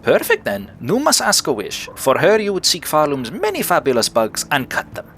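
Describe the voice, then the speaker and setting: A man's voice: fairly high pitch, huge pitch swings, moderate pace, a bit bright, slight background noise, voice pushed up, heavily acted. A man voicing an eager little female bug creature who talks in broken grammar and calls herself by name.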